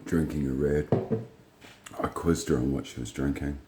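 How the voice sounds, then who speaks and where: A man's voice: rumbling low, moderate pace, roomy sound, very noisy. A man telling a rambling, blunt, profane story in casual monologue. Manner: blunt, profane, rambling, retells dialogue in flat quotes. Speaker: vlogger.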